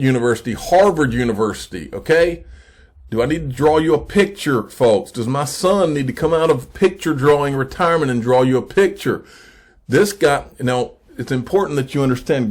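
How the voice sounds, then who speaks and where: A man hosting a crypto investing channel, giving casual emphatic commentary and repeating points slowly for effect. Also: medium pitch. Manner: addresses viewers as folks, frequent okay. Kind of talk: casual commentary on screen posts.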